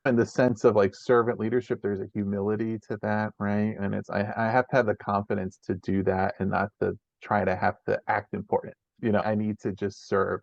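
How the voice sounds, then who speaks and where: This man has a low, gravelly voice with a lot of fry. He hosts a podcast and thinks out loud in long, winding sentences. The audio is a little dull and lo-fi. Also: little pitch movement, a little fast, few pauses, no room sound. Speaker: podcast host. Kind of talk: conversational interview. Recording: slightly muffled lo-fi audio.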